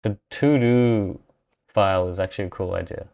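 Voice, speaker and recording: Male streamer, low smooth voice, loose and unscripted, musing to himself as he tests tools. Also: moderate pace, darkish tone, highs cut off. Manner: thinking aloud, reacting as he tries things. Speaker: livestream host testing software. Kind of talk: casual live-stream commentary.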